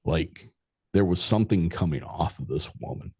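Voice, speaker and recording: A man with a very deep, low voice, recorded close and dry with no room sound. He is a podcast guest telling a story in a loose, candid way. He swears freely and slips into quoted conversations. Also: expressive, moderate pace, darkish tone, breathy edge, dry recording. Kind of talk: casual spoken storytelling.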